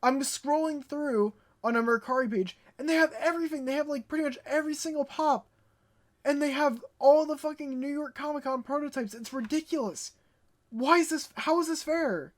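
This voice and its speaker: A young woman vlogging in a casual, animated storytelling way, stuttering when she gets worked up. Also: sits high, fairly quick. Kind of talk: casual ranting vlog.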